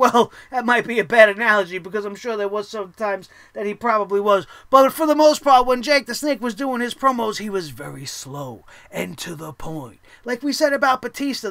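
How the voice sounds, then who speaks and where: A man's voice: very high-pitched, vocal fry, dry recording. A man hosting a wrestling review show, ranting heatedly and swearing often. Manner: profane, heated, animated ranting.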